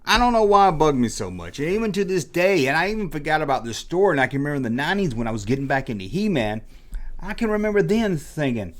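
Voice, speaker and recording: A man's voice: medium pitch, expressive, quick pace. A middle-aged man telling a rambling, self-mocking confessional story in a casual vlog, as the host of his channel. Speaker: toy collecting vlogger.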